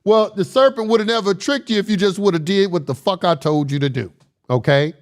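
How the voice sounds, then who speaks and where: A man offers casual commentary on scripture, reading verses aloud and arguing his points bluntly and emphatically, often breaking into laughter. His voice is high and a little fast.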